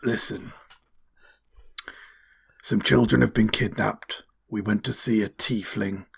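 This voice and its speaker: A man's voice: on the low side, steady tone, takes it slowly, creaky, breathy edge. A man playing a tabletop role-playing game, speaking in character in a rambling, jokey way. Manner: rambling, jokey, stumbles into laughter. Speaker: player.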